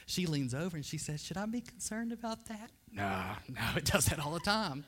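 A man's voice: a little high, sing-song, fairly quick, fairly bright tone, slight background noise. A man preaching a sermon, telling a funny personal story with self-deprecating asides to the congregation.

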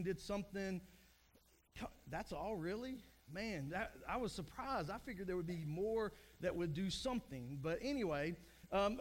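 A middle-aged man preaching a sermon to a congregation in a chatty, self-deprecating way, with small restarts. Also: sits high. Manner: chatty, self-deprecating, acts out joke voices. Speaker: pastor.

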